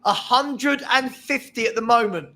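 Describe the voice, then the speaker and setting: A man hosting a charity livestream auction, joking and laughing as he slowly calls out bids. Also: very high-pitched, sharp tone. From England. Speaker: charity stream host running an auction. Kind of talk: casual livestream chat, auctioneering.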